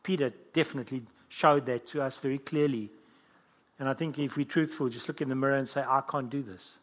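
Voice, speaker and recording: A man's voice: medium pitch, steady tone, fast. A man preaching a sermon with fervent, emotional delivery.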